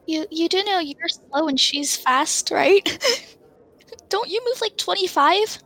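Female player, high bright voice, giggly casual banter. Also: expressive. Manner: giggly, quick questions. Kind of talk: casual tabletop play.

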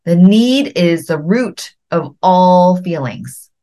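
A middle-aged woman hosting a podcast, giving earnest, gentle coaching and slowing down to stress key words. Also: fairly low pitch, expressive. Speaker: podcast host.

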